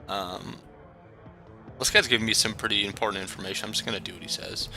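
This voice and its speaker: A man's voice: on the low side, fairly even intonation, fast talker, bright, forceful tone, faint music behind. A man casually commenting and reading aloud while playing a game, often stumbling over names and joking at his own expense. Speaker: let's play gamer.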